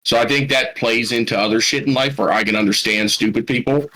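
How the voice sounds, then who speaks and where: A man joking casually on a podcast and chiming in with quick remarks. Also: medium pitch, fairly even intonation, bright, forceful tone, poor audio. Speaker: podcast co-host.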